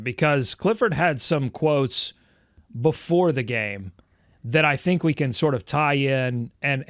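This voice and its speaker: A man co-hosting a sports podcast, telling stories in a lively, laughing way. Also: mid-range voice, no room sound, clean studio sound. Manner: animated, laughing storyteller. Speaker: podcast co-host. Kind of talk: casual sports chat.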